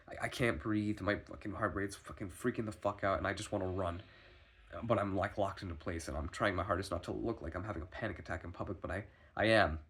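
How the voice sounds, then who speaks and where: Man, husky low voice, sick and foggy, anxious rambling diary talk, restarts, swearing. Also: a bit bright. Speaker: vlogger. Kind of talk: personal video diary.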